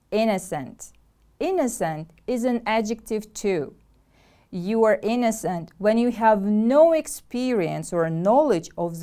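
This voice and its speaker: A woman with a Kyrgyz accent teaches English vocabulary in a slow, deliberate classroom manner. Her voice is mellow and smooth, and she drills each word for pupils to repeat. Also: mid-range voice. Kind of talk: slow, clear classroom instruction.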